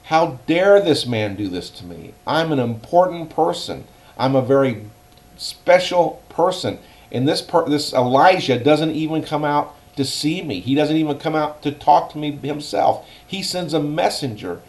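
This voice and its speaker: A man's voice: expressive, a little slow. A man voicing a proud, indignant army commander who rants in a raised, climbing voice. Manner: huffy, outraged, pitch climbing high.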